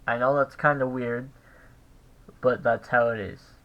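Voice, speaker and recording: A man giving a casual recorded language lesson, thinking aloud with pauses and restarts. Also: medium pitch, steady tone, highs cut off. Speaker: language teacher.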